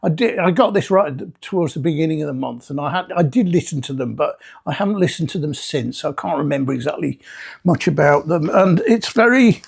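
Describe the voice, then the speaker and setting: Older male vlogger, gravelly and slightly high-pitched, loose rambling album reviews. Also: animated, brisk. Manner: rambling, with many restarts and fillers. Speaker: vinyl record reviewer. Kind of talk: casual album review vlog.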